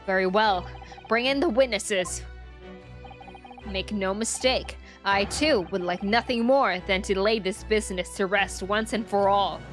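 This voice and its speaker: A woman's voice: medium pitch, soft background music, natural voice. Woman reading a stern, formal judge. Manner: formal, deliberate. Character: stern measured older male judge.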